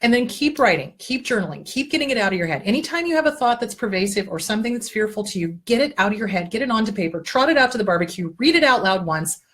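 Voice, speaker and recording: A woman therapist and show host speaks in a mid-range voice at a quick clip, barely pausing. She hands out casual self-help advice in a blunt, earthy, profane way, walking the listener through exercises step by step and tossing in lively asides.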